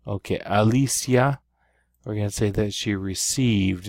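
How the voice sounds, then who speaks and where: A man's voice: lowish voice, unhurried, darkish tone, no room sound, clean studio sound. A man teaching a Spanish grammar lesson, walking through exercises step by step and often checking in with "right?". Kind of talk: recorded classroom lesson.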